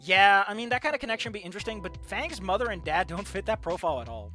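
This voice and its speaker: A streamer reading a visual novel aloud and commenting along with it, with animated, jokey reactions and loud squeals. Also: mid-range voice, quick pace, soft background music.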